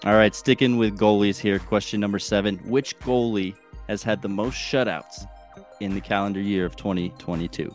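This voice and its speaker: A low-voiced man hosts a casual podcast quiz, upbeat and steady. He reads out questions and tallies scores. Faint music plays under his voice. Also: moderate pace. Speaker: podcast host and quizmaster.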